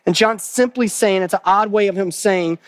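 A man with a high voice preaching a sermon in an earnest way. He repeats key phrases for emphasis and puts questions to his listeners. The sound is dry and close, with little room echo. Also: moderate pace. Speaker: pastor.

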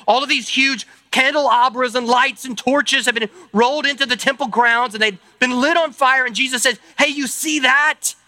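A man's voice: very high-pitched, moderate pace, hardly any pauses, pushed and bright, dry recording. A man preaching a sermon at a church service. He talks in a loose, conversational way, thinking aloud with asides and tag questions. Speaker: pastor.

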